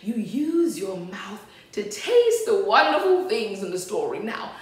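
Slow theatrical storytime lady, giggly, lots of oh dears, really echoey room. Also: medium pitch, big pitch swings. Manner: giggly, theatrical, often exclaiming "oh dear". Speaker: children's storytime host. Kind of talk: playful storytime talk to children. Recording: very echoey room with faint music.

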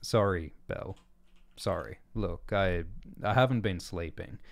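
A man's voice: low-pitched, takes it slowly, gravelly, heavily acted. A man voicing Erling, a weary and sleepless young man who speaks hesitantly. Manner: hesitant, tired.

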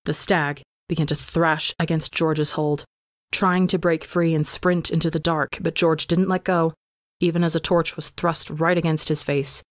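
A woman narrating a fan story aloud for a podcast in a measured, dramatic storytelling manner. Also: deep voice, no room sound, studio quality. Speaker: podcast reader.

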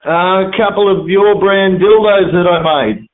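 A man's voice: high-pitched, normal speed. A man with an Australian accent calling in by phone, hesitant and stumbling over his words. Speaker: caller. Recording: thin phone line.

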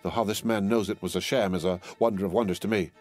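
A man voicing a slippery, smooth-talking male spy who speaks in a wheedling, evasive way. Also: sits low, fairly even intonation, fast talker, darkish tone, soft background music, natural voice. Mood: defensive. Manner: wheedling, evasive, hesitant fillers.

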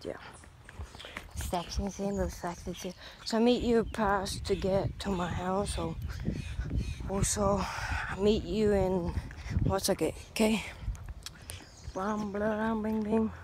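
A woman's voice: medium pitch, steady tone, slow pace, pauses often. A woman vlogging on a walk outdoors. She rambles playfully and breaks into silly sound effects and singsong noises. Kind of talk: casual walking vlog. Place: outdoors on a walk through town. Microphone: handheld phone camera. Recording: phone video with clear outdoor background noise.

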